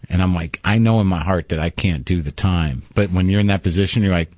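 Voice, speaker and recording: A man hosting a talk podcast, telling a long story in a casual, animated way and acting out the people in it. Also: low voice, fast, few pauses, no echo, clean studio sound. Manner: animated storyteller, acts out quoted voices. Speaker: podcast host.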